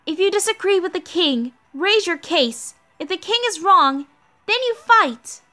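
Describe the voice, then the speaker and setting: A woman's voice: very high-pitched, expressive, unhurried, bright, forceful tone, soft background music, voice pushed up, full character voice. A woman voicing an earnest young female shield knight with an emphatic, determined delivery while reading a game story aloud.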